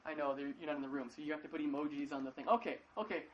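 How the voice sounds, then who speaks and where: A male pastor giving a casual sermon from his living room at home, talking in a halting way and often repeating words. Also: fairly high pitch, steady tone, dull audio. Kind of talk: casual live-streamed sermon.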